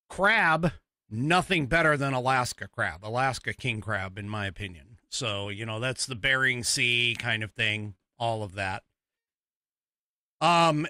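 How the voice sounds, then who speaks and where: A man's voice: mid-range voice, pushed and bright, no room sound, clean studio sound. A man from the United States hosting a live podcast, talking in a rambling, chatty way with lots of fillers and restarts. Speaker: host. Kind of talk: live-stream podcast talk.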